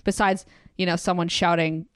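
Woman podcast host, deep smooth voice, dry close mic, earnest. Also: flat delivery, normal speed, no room sound. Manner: earnest, appreciative, gently probing. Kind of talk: interview questions and chat.

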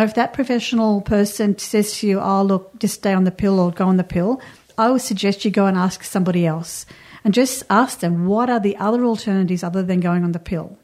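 A woman talks through health and astrology advice in an earnest, direct way, as if to a listener at home. Her voice is mellow and soft-edged, pitched in the middle. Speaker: astrology and wellbeing guest. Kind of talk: casual advice chat.

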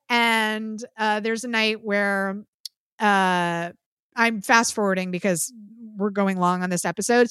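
Swearing, smooth-voiced woman podcaster. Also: on the high side, dry recording, studio quality. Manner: profane, lively storytelling. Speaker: podcast co-host. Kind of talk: casual film recap chat.

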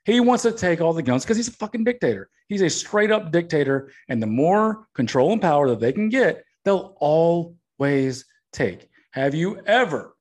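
A man's voice: a little high, very animated, moderate pace, few pauses, darkish tone. A man hosting a podcast, ranting bluntly about politics and swearing often. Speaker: podcast host. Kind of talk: political rant.

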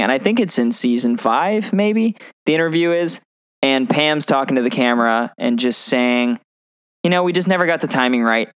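A man's voice: medium pitch, smooth, no echo, clean studio sound. A man co-hosting a podcast, chatting casually and animatedly, laughing often as he retells favorite TV scenes. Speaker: podcast co-host. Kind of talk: casual chat.

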